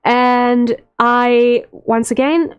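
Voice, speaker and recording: A woman's voice: fairly high pitch, fairly even intonation, clear, resonant tone, highs cut off. A woman streamer chatting casually while drawing, rambling with lots of "um" fillers. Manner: unhurried, rambling, many "um" fillers. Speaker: streamer, VTuber artist. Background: faint stream music.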